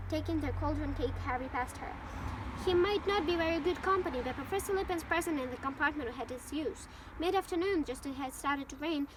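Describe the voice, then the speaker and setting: Her high, fairly bright voice carries the storybook reading of an English novel, with the odd slip and restart from this native Ukrainian speaker. Slight background noise can be heard.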